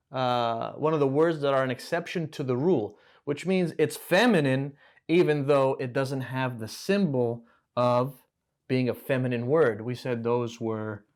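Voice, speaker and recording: Guy teaching arabic vocab, laid back, walks you through each word and has you answer back, mid-pitched voice. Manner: casual, explains step by step and quizzes the listener, self-corrects. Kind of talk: relaxed spoken lesson.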